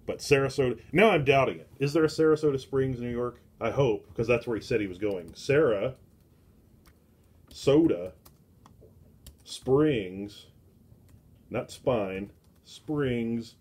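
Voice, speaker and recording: A man's voice: mid-range voice, husky. A middle-aged man hosting a casual book club, reviewing comics in a rambling way full of filler words and restarts. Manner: slow and deliberate.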